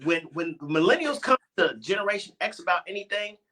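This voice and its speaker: A man's voice: high-pitched, brisk. A middle-aged man hosting a radio talk show, arguing his point emphatically and restarting his sentences as he goes. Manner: animated, emphatic, often interrupting himself. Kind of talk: heated casual debate.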